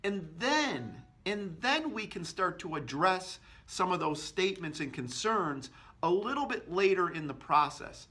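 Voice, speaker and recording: Bright, energetic male sales trainer. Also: sits high, measured pace, breathy edge. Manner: energetic, acts out customer and agent lines. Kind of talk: instructional talk to camera.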